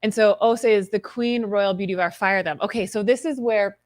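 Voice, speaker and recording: A woman's voice: medium pitch, steady tone, brisk, no echo. A woman hosting a live stream, reading viewer comments and telling candid stories with quoted inner voices.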